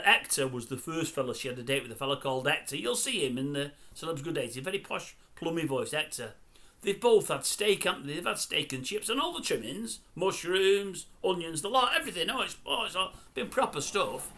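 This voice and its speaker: A man's voice: on the high side, lively intonation, a little fast, bright, forceful tone. An older man grumbling and mocking in a chatty celebrity commentary video. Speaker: YouTube commentator.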